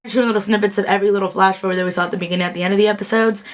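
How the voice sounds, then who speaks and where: A woman's voice: medium pitch, fairly even intonation, very fast, hardly any pauses. A young woman casually recapping a TV episode, chatty and bubbly with lots of fillers, acting out characters' quotes. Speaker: TV recap vlogger. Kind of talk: casual chat.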